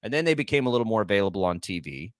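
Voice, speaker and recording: A man in his forties co-hosts a sports radio show in a studio. His low voice rises and falls a lot, and he talks in a heartfelt, rambling way, often restarting his sentences. The sound is dry and close on the microphone. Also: sing-song, rapid-fire, clear, resonant tone, dry recording. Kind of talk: casual sports talk.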